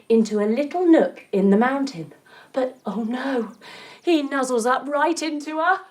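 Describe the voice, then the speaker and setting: A young woman teaching a storytelling yoga lesson for children, playful and animated, adding buzzing sound effects. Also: a little high, normal speed, soft background music. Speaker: kids' yoga instructor.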